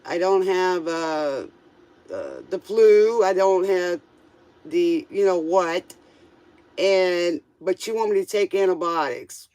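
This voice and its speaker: A woman's voice: on the low side, slow pace, dark tone, clean tone, no echo. A woman hosting a live tarot stream, chatting casually with viewers and laughing often.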